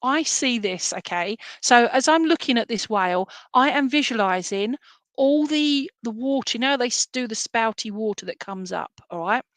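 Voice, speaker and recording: A woman's voice: on the high side, lively intonation, moderate pace, a bit bright, no echo. A woman giving chatty, reassuring psychic readings on a live stream, full of fillers. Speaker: psychic reader.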